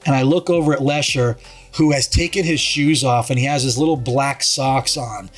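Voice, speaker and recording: A man's voice: mid-range voice, steady tone, moderate pace, faint music behind. Man telling a rambling story. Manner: rambling, restarts, acts out quoted voices. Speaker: podcast guest. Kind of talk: casual storytelling.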